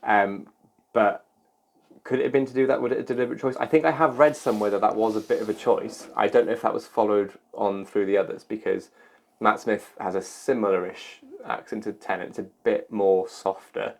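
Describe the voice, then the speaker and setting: A man co-hosting a podcast in casual chat, measured and hedging as he thinks aloud. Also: lowish voice, steady tone, vocal fry. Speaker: podcast co-host.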